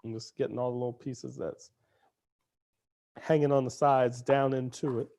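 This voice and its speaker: A man's voice: medium pitch, steady tone, normal speed, warm tone. A man hosting a cooking demonstration in a kitchen, talking in a playful, chatty way as he cooks. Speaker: cooking show chef.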